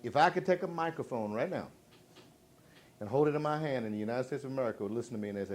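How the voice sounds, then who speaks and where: A man's voice: medium pitch, rapid-fire, slight background noise. A middle-aged man, from Virginia, giving a live motivational sales speech full of jokes and questions to the crowd. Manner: dramatic swings from loud to hushed, joking, audience call-and-response.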